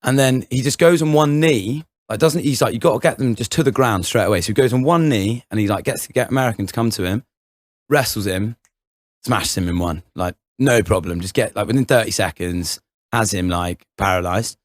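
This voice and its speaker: A man's voice: fairly low pitch, fairly quick, no echo. A young man on a podcast, telling a rambling anecdote full of fillers and laughs. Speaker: podcast co-host. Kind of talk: casual chat, storytelling.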